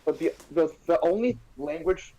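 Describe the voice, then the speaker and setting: A man's voice: on the high side, moderate pace, dark tone, rough recording. Ranting, exasperated man. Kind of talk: casual stream chat.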